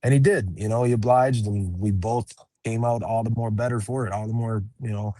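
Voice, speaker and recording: A man's voice: lowish voice, fairly even intonation, a little fast, warm tone, dry recording, studio quality. A young man who fights professionally, chatting casually in an interview, laid-back, swearing freely and laughing often. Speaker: MMA fighter, interview guest.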